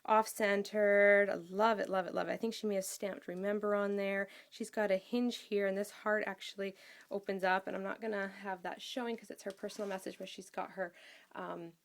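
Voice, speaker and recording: A woman chatting casually as she shows a handmade scrapbook album, gushing with praise and pausing often with ums. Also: medium pitch, flat delivery. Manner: enthusiastic, gushing, with many ums. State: out of breath. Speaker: craft vlogger.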